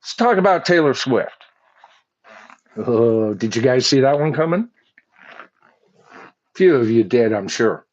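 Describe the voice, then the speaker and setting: A man's voice: medium pitch, expressive, a little slow, long pauses, a little mellow, lo-fi sound. An older man hosting a commentary show, speaking in a sarcastic, mocking way and reading lyrics aloud to pick them apart. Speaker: host. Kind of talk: opinionated commentary.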